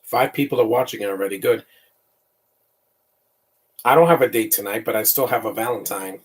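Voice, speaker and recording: A man's voice: fairly low pitch, a little fast, slightly rough, recorded from a distance. A man giving casual live film commentary, rambling and opinionated, often tripping over repeated words. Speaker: movie commentator.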